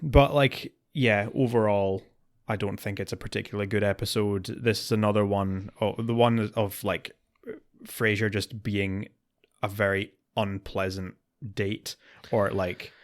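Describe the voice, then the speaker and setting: Animated lowish-voiced podcast co-host. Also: male voice, measured pace. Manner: animated, rises in pitch when worked up. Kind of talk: casual chat.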